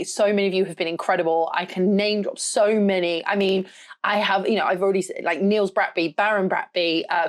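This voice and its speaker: Young adult woman podcast host, southern English with a rural edge, loud, direct, no-nonsense, mid-range voice. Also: mid-range voice. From south of England. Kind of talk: casual solo podcast monologue.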